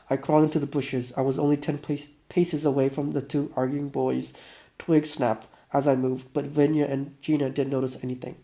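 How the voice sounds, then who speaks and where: Man reading game text aloud, dark tone. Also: mid-range voice, flat delivery, normal speed, gravelly. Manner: casual, stumbling over words and self-correcting. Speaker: gaming YouTuber.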